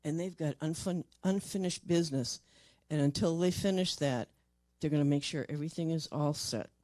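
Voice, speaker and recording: A woman's voice: sits low, no room sound. Older woman telling an emotional story. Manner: halting, repeats words, voice drops soft in tender moments. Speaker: paranormal investigator.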